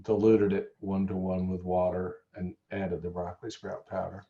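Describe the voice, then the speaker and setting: A man being interviewed as a nutrition scientist, talking in a thoughtful, halting way with a lozenge in his mouth. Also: sits low, level tone, narrow, tinny audio. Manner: thoughtful, stammers on restarts. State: talking around a throat lozenge. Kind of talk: conversational interview.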